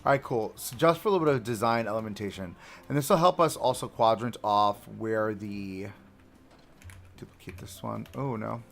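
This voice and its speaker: Building a theme park on a live stream, a young man with a lowish, creaky, fairly bright voice keeps a moderate pace. In casual commentary he jokes, talks to himself, and grumbles at the controls for his audience.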